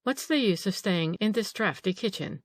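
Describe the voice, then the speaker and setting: A woman's voice: mid-range voice, animated, normal speed, no echo, lightly acted. A woman reading an audiobook, voicing an old female housekeeper who grumbles, frets and takes offence easily. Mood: fretful.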